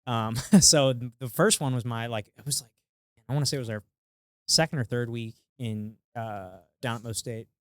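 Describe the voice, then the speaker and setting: A man's voice: mid-range voice, moderate pace, smooth, no room sound, clean studio sound. A man co-hosting a podcast, chatting casually and hesitantly, often restarting his sentences, on a podcast mic. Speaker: podcast co-host. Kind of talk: casual chat.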